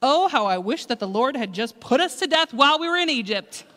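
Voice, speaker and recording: A woman voicing a panicking, grumbling crowd of wanderers in a shrill, whiny complaining tone. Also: lively intonation, a little fast, a bit bright. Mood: panicked whining. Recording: echoey hall.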